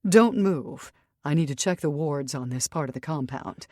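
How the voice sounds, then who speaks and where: A calm, sharp-tongued female fae warrior who gives orders with cool authority in an audiobook, as a woman narrator puts her on. Her voice lifts a bit above the narration but stays low overall, on a dry, close mic. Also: normal speed, no echo. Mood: commanding.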